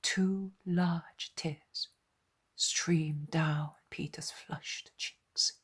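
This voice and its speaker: A woman reader narrating a devotional audiobook in a soft, measured unvoiced whisper. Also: deep voice, fairly even intonation, slightly rough.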